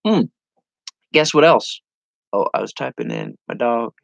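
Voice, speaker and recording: A man hosting a casual live stream, rambling and joking as he reads viewer comments, with sudden playful jumps into a high voice. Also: animated, a little slow, vocal fry, no room sound. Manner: silly, playful with sudden high-pitched bursts.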